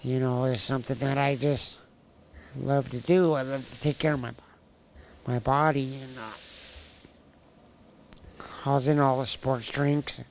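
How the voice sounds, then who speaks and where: A man giving a candid personal account in a plainspoken, wry storytelling manner, with halting restarts. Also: mid-range voice, fairly even intonation, slight background noise. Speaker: interviewee sharing his personal story.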